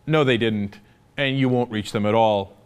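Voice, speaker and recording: A man's voice: mid-range voice, moderate pace, clear, resonant tone. A man giving impassioned, sarcastic political commentary, arguing his point hard. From United States.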